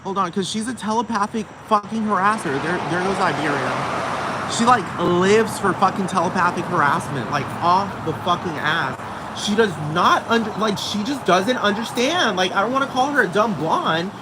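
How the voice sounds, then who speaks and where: A man's voice: high voice, animated, moderate pace. A man hosting a one-man podcast outdoors, ranting casually with lots of profanity and constant "like" fillers. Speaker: podcast host. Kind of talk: casual rambling monologue. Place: outdoors near a road with passing traffic. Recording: loud outdoor traffic noise. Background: cars and street traffic.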